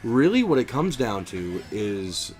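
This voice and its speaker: A young man streaming a video game, chatting casually in an animated, opinionated way, with lots of fillers and restarts. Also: fairly low pitch, measured pace, faint music behind. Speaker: streamer and voice impressionist. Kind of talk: casual chat while gaming.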